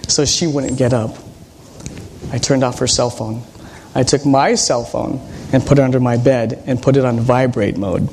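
A man preaching a conversational sermon as a pastor, telling personal stories in a relaxed, hesitant way with frequent ums and restarts. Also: medium pitch, slight background noise.

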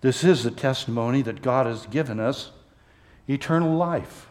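A man preaching a sermon to his congregation as a pastor, speaking earnestly and with deep emotion, and closing with a prayer. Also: a little mellow. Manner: earnest, emotional, slow and heartfelt, addressing the congregation.

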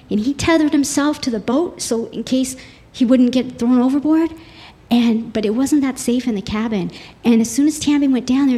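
High-voiced woman telling a faith story. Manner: earnest, animated retelling with frequent restarts. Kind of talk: storytelling sermon.

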